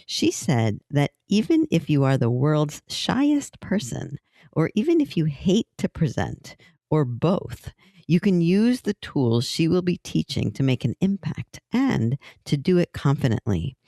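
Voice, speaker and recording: A woman's voice: low voice, very animated, unhurried, dark tone, dry recording. Chatty female podcast host, dry sound. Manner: chatty, free-associating, loose phrasing with restarts. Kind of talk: casual podcast interview.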